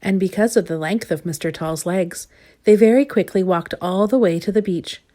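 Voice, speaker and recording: A woman reading a children's storybook aloud, gentle and expressive, lingering on repeated words. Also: mid-range voice, moderate pace.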